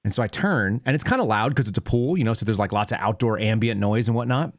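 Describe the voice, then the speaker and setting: A man's voice: on the low side, quick pace, no echo, clean studio sound. Ranting male call-in show host. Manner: ranting, animated storytelling. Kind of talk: casual call-in show chat.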